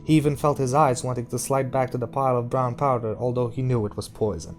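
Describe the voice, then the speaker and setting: A man reading a novel aloud, steady and measured, at an ordinary middle pitch. Faint music sits under his voice. The delivery stays even and unhurried. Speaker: audiobook reader.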